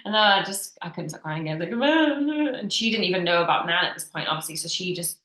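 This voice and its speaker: A woman's voice: on the low side, fast. Chatty woman podcaster, echoey room. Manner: chatty, animated storytelling with quoted voices. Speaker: podcast co-host. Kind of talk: casual chat.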